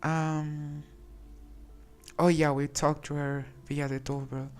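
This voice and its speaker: Low-voiced woman streaming a game. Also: little pitch movement, slow, darkish tone, soft background music. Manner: chatty, hesitant, many restarts. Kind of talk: casual gameplay commentary.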